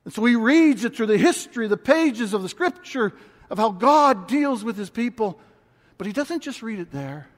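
A man preaching a sermon, reading scripture and speaking with passion that builds to near shouts. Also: very high voice, sing-song, normal speed. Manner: impassioned, rising to shouts when quoting. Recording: long hall reverb.

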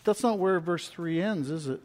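Man preaching, impassioned sermon, high voice, long reverb of a hall. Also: moderate pace. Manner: impassioned, rising to shouts when quoting.

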